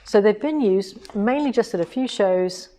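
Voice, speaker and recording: A woman's voice: medium pitch, lively intonation, normal speed, dark tone. A woman co-hosting a livestream, talking casually and enthusiastically while demonstrating a machine. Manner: chatty, enthusiastic, rhetorical asides. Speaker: co-host of a quilting shop livestream. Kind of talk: casual livestream chat and product demo.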